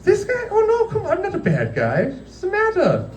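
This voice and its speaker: A man doing a squeaky falsetto restaurant owner. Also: wildly swooping pitch, moderate pace, a little mellow, far from the mic, a little hiss or hum, heavily acted. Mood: whiny. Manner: whiny, protesting innocence. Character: shrill defensive restaurant owner, self-pitying. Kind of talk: stand-up comedy impression. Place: restaurant dining room, live show.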